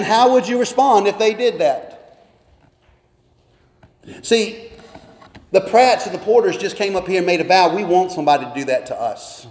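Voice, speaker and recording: In a church sanctuary, a pastor with a high-pitched, slightly mellow voice reads scripture and presses his listeners with earnest rhetorical questions. The recording carries the long reverb of a church hall.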